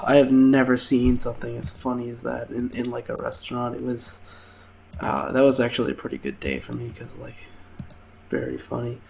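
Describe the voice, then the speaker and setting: A man's voice: medium pitch, creaky, a little mellow, a little hiss or hum. Young guy rambling thru old waiter stories over gameplay, laughs a lot, faint clicking behind. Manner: rambling, laughs at his own stories, many fillers. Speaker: gaming channel host telling work stories. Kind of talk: casual storytelling over gameplay.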